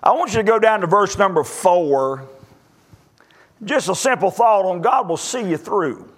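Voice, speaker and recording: A man preaching with a notably high voice, spinning homespun jokes and stories before turning to scripture. His delivery is folksy and down to earth, the easy manner of a pulpit storyteller. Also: animated, a little slow, breathy edge. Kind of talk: sermon.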